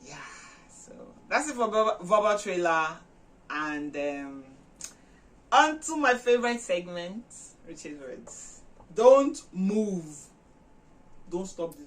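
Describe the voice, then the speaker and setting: A woman vlog host retelling a movie plot in a chatty, animated way with many fillers. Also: medium pitch, slow, far from the mic, poor audio. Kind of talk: casual storytelling retelling a film.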